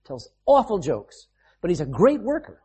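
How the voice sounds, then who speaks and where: A man's voice: sits high, huge pitch swings, moderate pace, darkish tone, breathy edge. A man preaching a sermon as pastor, emphatic, reading scripture aloud and explaining it.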